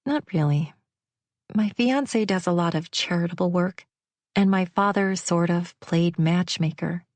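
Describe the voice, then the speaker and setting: A woman's voice: fairly low pitch, a little slow, a little mellow, dry recording, natural voice. A woman voicing a polite, earnest young woman who speaks shyly. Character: young woman, polite, shy, runaway bride.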